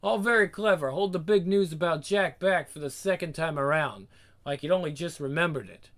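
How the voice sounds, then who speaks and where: A man's voice: on the high side, a little fast, close to an everyday voice. A man voicing a foul-mouthed, hard male ringleader with a blunt, menacing manner. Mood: scheming.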